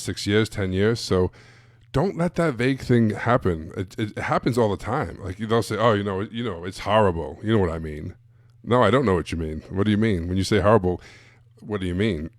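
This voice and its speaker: A man's voice: lowish voice, darkish tone, dry recording, clean studio sound. A man giving a blunt, casual live-streamed coaching talk to sales coaches, full of emphatic asides.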